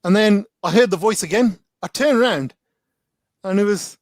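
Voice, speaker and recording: As a guest in a casual chat, a high-voiced man speaks at normal speed, telling stories animatedly with plenty of slang and filler words. The recording is dry.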